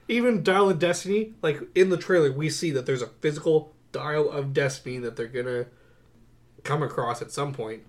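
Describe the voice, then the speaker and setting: A young man co-hosting a podcast, chatting casually about movies with a wry, sarcastic, animated delivery. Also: a little high, normal speed. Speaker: podcast co-host. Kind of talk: casual movie-review chat.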